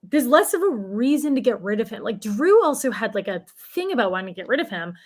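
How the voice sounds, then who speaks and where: A woman's voice: fairly high pitch, sing-song, quick pace. A woman from the Boston area co-hosting a casual podcast, chatty and full of filler words. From Boston area, USA. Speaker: podcast co-host.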